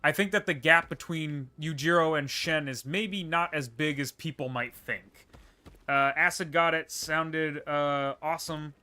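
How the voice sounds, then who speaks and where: A man's voice: on the high side, a little slow, bright, forceful tone, clear, resonant tone. A man streaming a video game live, chatting casually, laughing often and answering viewer questions as he plays. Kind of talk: livestream gameplay commentary and chat replies.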